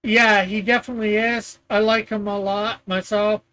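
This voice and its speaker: A man hosting a casual live stream, rambling in a relaxed way and laughing often while he talks. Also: sits high, normal speed.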